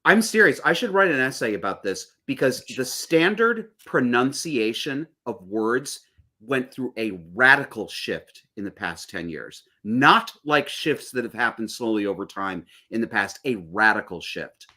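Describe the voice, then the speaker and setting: A middle-aged man with a bright, forceful voice who rants bluntly and swears freely. He talks like a podcast guest in loose, casual chat, and his pitch sits in the middle for a man. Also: animated, unhurried. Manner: blunt, profane, ranting.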